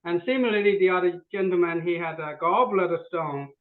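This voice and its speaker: A man's voice: high-pitched, a little fast. A man on a video call presenting a product, eager and stumbling, repeating his words as he talks. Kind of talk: casual sales chat. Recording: tinny video call line.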